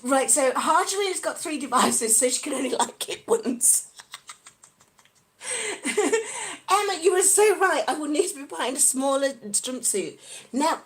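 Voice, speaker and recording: Woman vlogger from the UK, live chat, high and very animated, giggly and excitable. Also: slightly rough. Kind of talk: casual live-stream chat.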